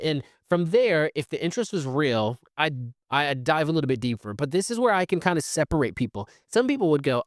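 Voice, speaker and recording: A man's voice: a little high, fairly quick, no room sound, clean studio sound. A man hosting a solo podcast, talking casually with fillers and restarts and acting out the conversations he describes. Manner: animated, acts out quoted conversations. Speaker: podcast host.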